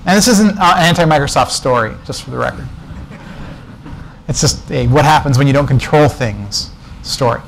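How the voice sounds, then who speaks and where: A man with a slightly higher voice gives a relaxed conference talk to a developer audience. He tells stories loosely, wandering into side remarks and quick jokes. A faint hum of room noise sits underneath. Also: vocal fry, poor audio. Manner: casual, digressive, with asides and jokes. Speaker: guest speaker at a developer meetup. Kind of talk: conference talk, anecdotal storytelling. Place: presentation room before an audience.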